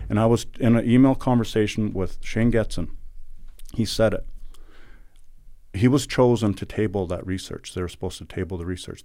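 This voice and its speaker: A man's voice: lowish voice, warm tone, dry recording, studio quality. A middle-aged man from Alberta, Canada, a podcast guest recounting events in an earnest, indignant and emphatic way. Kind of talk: conversational interview storytelling.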